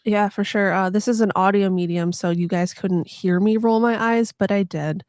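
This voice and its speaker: A woman's voice: medium pitch, fairly even intonation, moderate pace, darkish tone, dry recording. A woman hosting a podcast in casual chat, playful and sarcastic, swearing freely and acting out silly voices. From United States. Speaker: podcast host.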